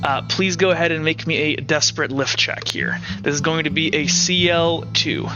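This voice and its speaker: Male game master narrating a tabletop game, rambling, higher voice, lo-fi recording with music. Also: steady tone, moderate pace. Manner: rambling, lots of filler words. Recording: dull lo-fi mic with music.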